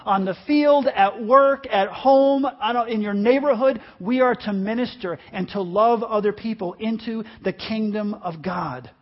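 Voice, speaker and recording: Impassioned high-voiced male preacher, husky. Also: highs cut off. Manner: impassioned, emphatic preaching with repetition. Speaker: pastor. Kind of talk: sermon.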